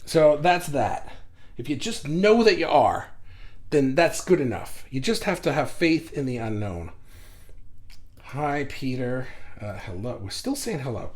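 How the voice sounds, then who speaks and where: A man hosting a casual livestream, talking loudly and with energy about acceptance and greeting viewers by reading their comments aloud, speaking into a desk mic set well back from him. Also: medium pitch, measured pace. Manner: loud, animated, reads viewer comments aloud. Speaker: livestream host. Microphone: desk mic kept at a distance without pop shield.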